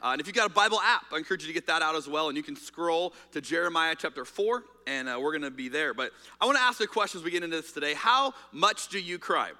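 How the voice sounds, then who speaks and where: A man's voice: a little high, lively intonation, fast, hardly any pauses, sharp tone. A man preaching a sermon as pastor, speaking in a candid, conversational way with fillers and restarts. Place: church auditorium. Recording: reverberant hall.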